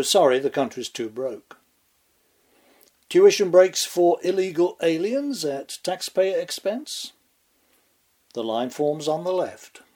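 A man delivering scripted political commentary with dry, sardonic sarcasm and dramatic pauses. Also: on the high side, a little mellow. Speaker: commentary host.

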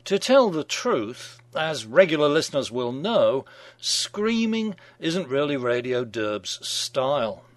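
A man's voice: a little high, big pitch swings, slow pace, dry recording. A middle-aged man hosting a radio show, reading scripted satirical commentary in a wry, mock-genial manner.

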